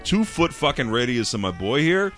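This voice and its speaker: A man's voice: mid-range voice, sing-song, moderate pace, a bit bright, soft background music. A man in casual podcast chat, talking bluntly and swearing freely. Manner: blunt, profane, tough-talking.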